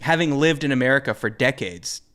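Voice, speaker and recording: A man hosting a podcast in casual chat, joking in a wry, deadpan way. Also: mid-range voice, a little fast. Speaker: podcast host.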